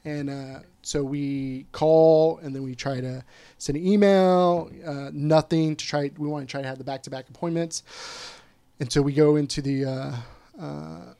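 A man guest telling a personal story in casual conversation, candid and quick to swear, often quoting what others said. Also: fairly high pitch, fairly even intonation, creaky, mellow, clear, resonant tone.

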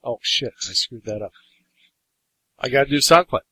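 A man's voice: mid-range voice, normal speed, bright, forceful tone, slightly rough, no echo, low-quality recording. A man co-hosting a casual movie podcast, running the segments in a loose, informal way with casual swearing.

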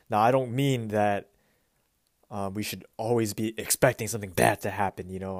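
Male solo podcaster, low-pitched, casual and meandering delivery, dry recording. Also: dry recording. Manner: relaxed, rambling, with frequent restarts and fillers. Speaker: podcast host. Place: Pacific Northwest US.

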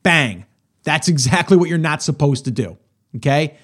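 A man's voice: on the high side, lively intonation, normal speed, a bit bright, breathy edge. A man hosting a business podcast, giving casual advice in an enthusiastic, repetitive way and often checking in with "okay?". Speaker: podcast host.

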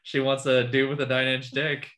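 Bright-voiced woman reading dating chats. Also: rumbling low, little pitch movement, moderate pace. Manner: amused, laughing as she reads. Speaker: podcast co-host. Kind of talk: casual chat, reading dating messages aloud.

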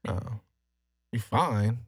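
A man's voice: fairly low pitch, animated, drawn-out words, slightly rough, dry recording. A man hosting a loose, teasing podcast chat, firing off flirty questions in street slang. His voice sits close and dry, with no room sound around it. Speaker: podcast host. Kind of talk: casual podcast interview.

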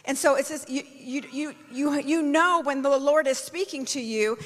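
A woman's voice: sits high, moderate pace, a bit bright. A woman apostle preaching a sermon, telling a personal story and rising into fervent praise. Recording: long hall reverb.

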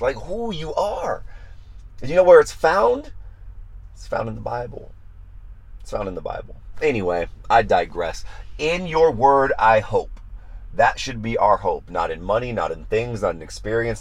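A pastor, a man who talks passionately and says he gets loud, repeating his phrases in a devotional livestream talk. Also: medium pitch.

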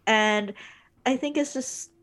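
A woman's voice: fairly high pitch, slow, fairly bright tone. Emotional young woman in casual chat. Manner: emotional, rambling, heavy with sighs and filler. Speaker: podcast co-host. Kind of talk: casual chat about an anime series.

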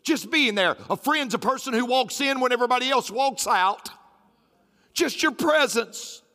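A man's voice: extremely high pitch, lively intonation, normal speed, bright, forceful tone. A man preaching a sermon as pastor, emphatic and repetitive, with folksy humor. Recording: roomy hall with faint music.

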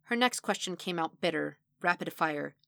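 A woman reading fan fiction aloud as audiobook narration, steady and measured. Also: lowish voice, dry recording, studio quality. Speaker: podfic reader.

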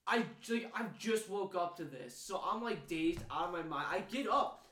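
A young man with a high voice rambles through stories in casual chat, filling them with "like". He sits away from the mic in an echoey room. Faint noise hums behind him. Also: animated, normal speed, bright, forceful tone, recorded from a distance. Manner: rambling storyteller with many "like"s. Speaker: podcast guest.

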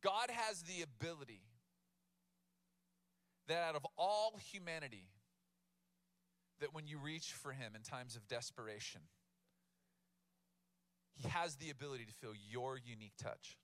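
A man's voice: a little high, unhurried, long pauses, dry recording. A man in his thirties preaching a sermon in a casual, humorous way, with playful retellings of the text. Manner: casual, humorous, animated storytelling with laughs. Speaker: pastor.

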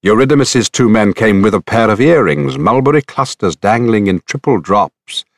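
A man narrating an epic poem as an audiobook, in a measured storytelling manner. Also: fairly low pitch, lively intonation, no echo, clean studio sound.

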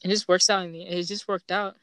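A man's voice: sits high, little pitch movement, fairly quick, fairly bright tone, clean tone, no room sound. Young man telling stories with a stutter. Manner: laughing, profane storytelling with many fillers. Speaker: podcast host. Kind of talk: casual chat.

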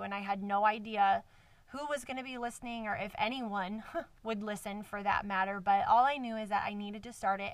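An emotional woman hosts her casual faith podcast solo, talking earnestly and effusively with many fillers, close to tears. She's using a microphone set in a cardboard box, distant from her. Her medium-pitched voice is a bit bright, with no echo.

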